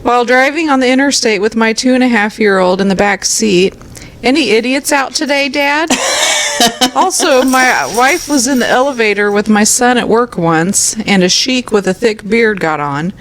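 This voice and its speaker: A woman's voice: fairly high pitch, normal speed, slight background noise, rough recording. A woman co-hosting a podcast, reading funny listener stories aloud and often laughing. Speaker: podcast co-host.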